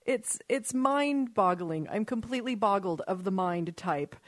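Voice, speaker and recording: A woman's voice: mid-range voice, lively intonation, a little slow, no room sound. A woman hosting a talk radio show in a Los Angeles studio, rambling in an exasperated, casual way and swearing freely.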